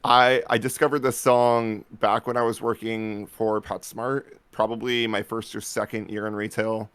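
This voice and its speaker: A man co-hosting a casual podcast, rambling through stories in an animated way and laughing often. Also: fairly low pitch, moderate pace, clean tone, no echo. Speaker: podcast co-host. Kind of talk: casual chat.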